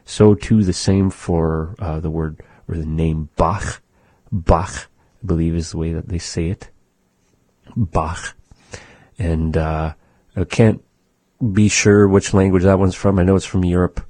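A man's voice: low voice, fairly even intonation, normal speed, mellow, dry recording. A man giving a patient radio language lesson and demonstrating sounds one by one. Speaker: language teacher.

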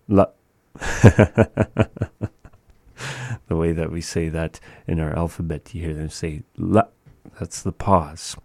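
A man teaching a language lesson, saying each word and then repeating it slowly and patiently for practice. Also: sits low, warm tone, dry recording, studio quality. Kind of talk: slow spoken language lesson.

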